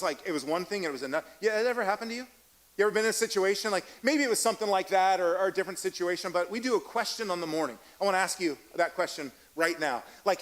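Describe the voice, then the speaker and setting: A middle-aged man preaches to a church congregation in a loose, storytelling sermon. His voice sits high for a man, and he talks in a chatty, self-deprecating way, often restarting sentences and acting out both sides of a conversation. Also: fairly bright tone, low-quality recording. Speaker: pastor. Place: church sanctuary.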